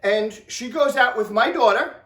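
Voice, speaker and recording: Excited high-pitched guy ranting a story in a vlog, echoey room, sitting back from the mic. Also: moderate pace, far from the mic. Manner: excitable, repeats himself, acts out quotes. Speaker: vlogger.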